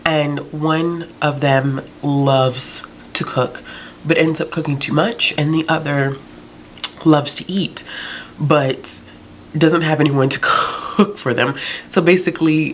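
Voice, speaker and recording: A woman's voice: low voice, slight background noise. A woman book vlogger chatting casually, out of breath, with joking, rambling asides. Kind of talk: casual recommendation vlog.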